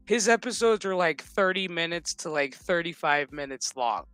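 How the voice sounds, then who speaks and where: A man giving a crude, comedic recap of a TV episode, swearing often and slipping into quick mocking impressions of the characters. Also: fairly high pitch, expressive, fairly bright tone, smooth, soft background music. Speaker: show recap commentator.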